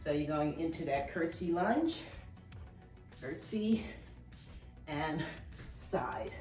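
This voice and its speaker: A middle-aged woman fitness instructor with a low, expressive, slightly mellow voice speaks slowly and a bit out of breath during a dumbbell workout. She encouragingly counts reps and cues form, recorded from a distance in a roomy space with faint music.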